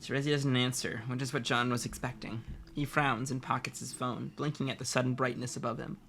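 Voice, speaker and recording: A man's voice: medium pitch, little pitch movement, fairly quick, gravelly, fairly bright tone. A man reading a story aloud as narrator who stumbles over words and restarts as he goes. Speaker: reader, co-host.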